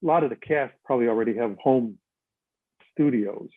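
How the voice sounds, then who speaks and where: An older man telling stories as a guest, lively and animated, switching into other voices for quotes. His voice is a little husky and comes through a dry, tinny phone-like line. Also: mid-range voice, a little fast, no room sound. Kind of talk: casual storytelling chat.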